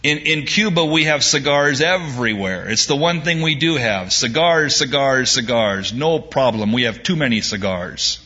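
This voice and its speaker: A man's voice: medium pitch, lively intonation, moderate pace, few pauses, sharp tone. A man voicing a carefree traveler who breezily waves off a waste, in a dull lo-fi recording. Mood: breezy. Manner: breezy and dismissive. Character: carefree man tossing away cigars.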